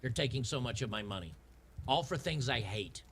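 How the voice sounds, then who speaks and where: A man in his fifties with a drawl and a gravelly edge to his voice. He rants in sarcastic, frustrated bursts, repeating and restarting his words. A faint hiss sits behind him. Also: mid-range voice, lively intonation, a little fast. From Tennessee. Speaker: gaming channel host. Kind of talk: ranting commentary over gameplay.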